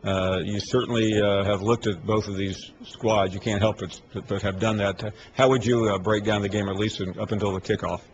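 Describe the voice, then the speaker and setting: Man, radio host, mid-pitched, teasing questions, faint noise. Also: level tone, poor audio. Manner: quick, needling questions with fillers. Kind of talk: sports talk radio.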